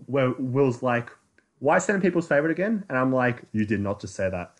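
A man chats on a podcast, teasing his friends and laughing along. His pitch leaps around in a lively, expressive way while he talks. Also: brisk. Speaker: podcast co-host. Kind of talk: casual chat.

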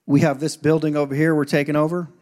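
A man preaching a sermon as pastor, telling stories and acting out scenes, swinging from quiet asides to loud points. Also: on the high side, little pitch movement, fast talker.

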